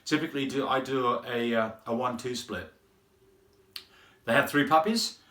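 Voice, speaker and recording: Speaking to the camera in an easygoing, meandering way, this man breeds French Bulldogs and tends to repeat words as he works through his thoughts. His pitch is medium, his pace moderate, and his tone a bit bright. There's a noticeable roomy echo in the recording.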